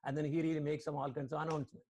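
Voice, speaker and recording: Man, high voice, online sermon, spiritual teacher, quizzes listeners, video call mic. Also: flat delivery, rapid-fire, mellow. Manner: questions the listeners, quotes Sanskrit verses.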